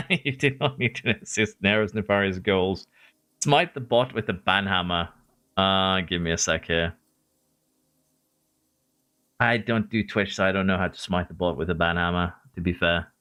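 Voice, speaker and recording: Excitable male game streamer, bright voice. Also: low-pitched, moderate pace. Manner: excitable, talks to drivers and chat. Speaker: gaming streamer. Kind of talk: live game commentary.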